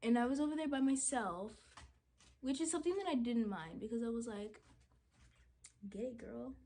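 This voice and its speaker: A young woman vlogger chatting to the camera while getting ready, retelling a story in an animated, dramatic way with lots of "like"s. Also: on the high side, fairly quick.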